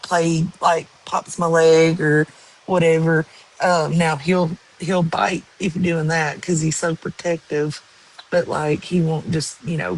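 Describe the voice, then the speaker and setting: A woman's voice: lowish voice, rough recording. A woman chatting casually and rambling to viewers on a live stream. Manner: slow, rambling, with many ums and likes.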